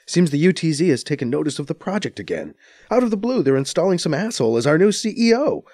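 A man puts on a grieving young woman scientist with a sharp tongue and a high, strained voice. Her pitch leaps and swings as the reading goes on. The sound is dry and close. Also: wildly swooping pitch, normal speed, no echo, exaggerated voice. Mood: wry then upset.

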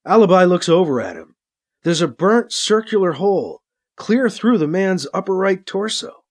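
A man narrating a science-fiction story with a dramatic, expressive reading. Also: high-pitched, moderate pace. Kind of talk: audiobook narration.

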